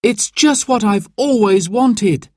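A man voicing an excited eleven-year-old boy in a storybook reading, eager and breathless. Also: high-pitched, a little slow, no room sound, clean studio sound, voice pushed up.

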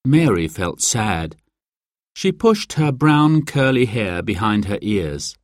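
Man, children's story read-aloud, very lively pitch, slow, dry close sound. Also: no room sound. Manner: slow, expressive, storyteller's lilt. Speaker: narrator.

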